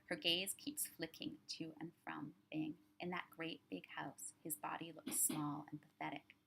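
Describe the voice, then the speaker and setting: A woman author reading her own crime story aloud in measured, low-key narration. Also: little pitch movement, creaky, pushed and bright, slight background noise.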